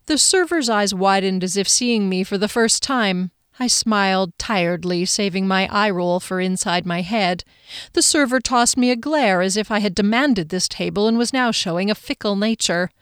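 A woman narrating a first-person audiobook in a measured, expressive way. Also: mid-range voice, smooth, dry recording, clean studio sound.

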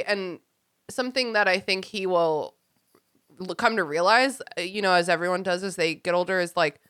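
Bright-voiced, animated woman podcaster. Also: fairly low pitch, moderate pace, dry recording, clean studio sound. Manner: animated, laughs often, acts out quoted characters. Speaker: podcast co-host. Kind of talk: casual chat.

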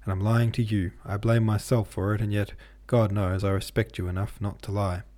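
Brooding proud young lover, read by a man, intense and self-blaming, low and warm. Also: little pitch movement, normal speed, natural voice. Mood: impassioned.

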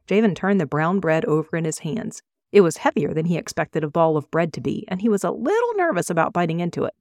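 A woman reading her own fantasy novel aloud in a measured, expressive narration. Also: fairly low pitch, no echo, studio quality. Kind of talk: audiobook reading.

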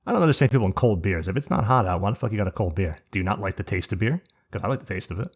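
A man's voice: on the low side, lively intonation, racing, husky. A man co-hosting a podcast in casual chat, profane and opinionated, going off on rants. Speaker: podcast co-host.

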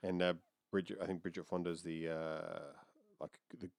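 A man's voice: low voice, flat delivery, moderate pace, vocal fry, no echo, studio quality. A man co-hosting a podcast, chatting casually in a rambling, hesitant way. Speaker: podcast co-host. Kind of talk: casual chat.

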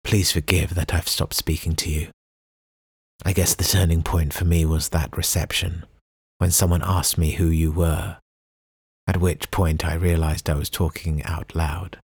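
A man reading a novel aloud as an audiobook narrator, in a measured, even storytelling delivery. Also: sits low, husky, no echo, clean studio sound. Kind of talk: scripted narration.

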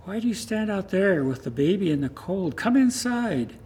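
A man voicing a kindly old shoemaker, speaking gently and welcomingly, slightly higher than his narration. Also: very animated, moderate pace, breathy edge, heavily acted. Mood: gentle.

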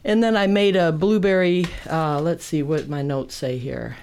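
A woman's voice: low voice, steady tone, moderate pace, a little mellow, clear, resonant tone. A woman casually explaining the food she made for a show, chatty and rambling, laughing at herself. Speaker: cook presenting food on a show. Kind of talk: casual chat.

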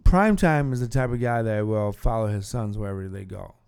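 A man's voice: on the low side, a little fast, creaky, darkish tone, smooth. A man hosting a casual sports podcast, explaining football plays at length. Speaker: podcast host.

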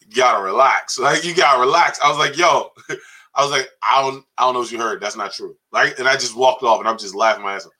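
Man, podcast co-host, casual storytelling, forceful tone, raspy edge, laughs a lot. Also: medium pitch, fast, rough recording. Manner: joking storyteller, drops into quoted voices, laughs often.

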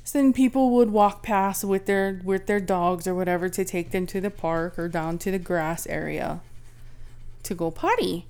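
A woman's voice: lowish voice, normal speed, a little mellow, smooth. A woman co-hosting a podcast, telling stories in a rambling, casual way and swearing freely. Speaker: podcast co-host. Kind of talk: casual chat.

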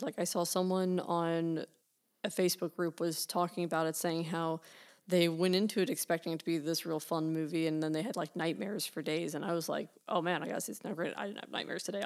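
An American woman co-hosting a casual movie podcast, relaxed and conversational. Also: fairly low pitch. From United States. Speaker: podcast co-host.

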